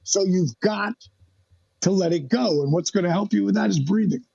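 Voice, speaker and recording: Male guest, animated storyteller; higher pitch, raspy, recorded dry and dull. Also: normal speed, no room sound. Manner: animated, acts out quoted dialogue. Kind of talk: storytelling in a podcast interview.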